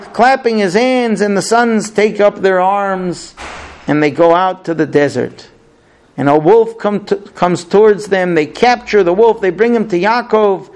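A man with a notably high voice retells a scripture story with earnest drama. He pauses to correct himself now and then and keeps the tale moving. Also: darkish tone.

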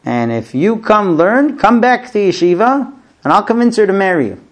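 A man playing a learned rabbi who coaxes excitedly. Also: high-pitched, moderate pace, pitched above the performer's own voice. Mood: eager coaxing. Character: eager learned male rabbi, persuasive.

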